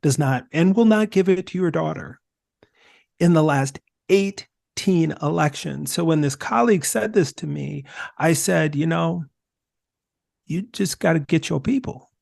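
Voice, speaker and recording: A man speaking as a podcast guest, telling stories in an emphatic, animated way. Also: fairly high pitch, measured pace, gravelly, dry recording, studio quality. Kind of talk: conversational discussion.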